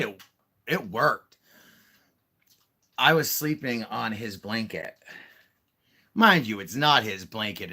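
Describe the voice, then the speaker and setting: Lively rambling man on a livestream. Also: on the low side. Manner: rambling, talks baby-talk to his cat. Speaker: podcast co-host. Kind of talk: casual livestream chat.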